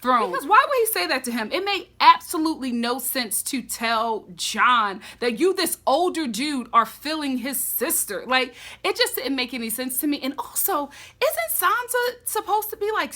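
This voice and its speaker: Bright, animated woman recapping a show. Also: sits high, normal speed. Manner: expressive, animated storytelling. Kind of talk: casual TV recap.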